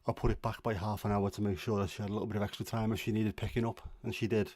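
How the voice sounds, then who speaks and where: A middle-aged man hosts a casual livestream from home, talking in a chatty, grumbling way and poking fun at himself. His voice sits on the low side. The sound is dry and close, with no room echo. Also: flat delivery, rapid-fire, darkish tone. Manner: chatty, grumbling, self-deprecating. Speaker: livestream host. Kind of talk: casual chat.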